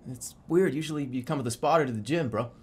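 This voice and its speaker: A man chatting casually on a livestream, joking and swearing freely, often bursting into loud laughter. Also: medium pitch, fast talker.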